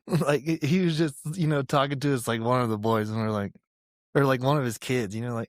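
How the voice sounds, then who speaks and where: A man's voice: mid-range voice, a little fast, no echo, clean studio sound. A man from Georgia in his thirties, an army veteran guest telling stories in a laid-back, profane way and laughing often. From Georgia, USA. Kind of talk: casual interview storytelling.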